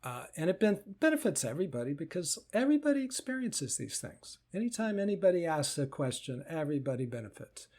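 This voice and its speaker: A man teaching meditation in a live question-and-answer session, speaking gently and reassuringly and often repeating phrases. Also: on the high side, sing-song, fast, few pauses. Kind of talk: live Q&A talk.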